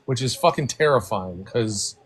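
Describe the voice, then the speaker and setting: A man's voice: mid-range voice, lively intonation, normal speed, breathy edge. A man from Rhode Island chatting on a video call, ranting and swearing constantly in casual talk. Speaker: group chat participant.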